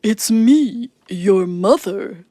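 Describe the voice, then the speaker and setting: A woman doing a slow, deep-voiced big bad wolf. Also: expressive, dark tone, no echo. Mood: sly. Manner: slow, low growling delivery.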